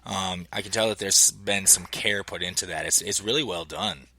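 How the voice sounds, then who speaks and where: Minnesotan man, low voice, bright tone, easygoing podcast host. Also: steady tone, moderate pace. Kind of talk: casual chat.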